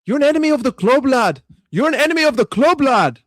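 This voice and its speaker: A man putting on a furious male football fan in a mock Scottish accent, shouting insults indignantly. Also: very high-pitched, expressive, quick pace, no room sound, clean studio sound, voice pushed up.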